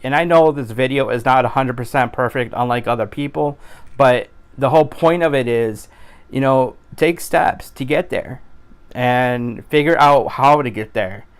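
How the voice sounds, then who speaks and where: A man talking in a casual vlog monologue, earnest and rambling, with frequent restarts and animated exclamations. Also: medium pitch, moderate pace, smooth. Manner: animated exclamations of his catchphrase. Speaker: YouTuber.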